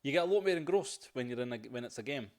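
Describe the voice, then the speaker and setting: Excitable man with a lively, swooping voice. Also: medium pitch, very fast. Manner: excitable, heavy swearing, says "aye" and "like". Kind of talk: casual chat.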